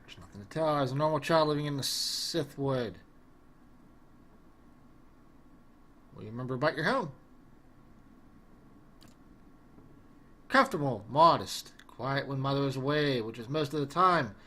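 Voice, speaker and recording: A man voicing a troubled young male wizard who recalls his father's abuse in a quiet, halting way. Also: medium pitch, close to an everyday voice. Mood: guarded.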